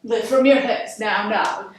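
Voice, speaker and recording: Unhurried woman yoga teacher in an echoey room. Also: mid-range voice, fairly even intonation, recorded from a distance. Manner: encouraging, counts down reps. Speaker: yoga instructor. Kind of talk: guided workout instruction.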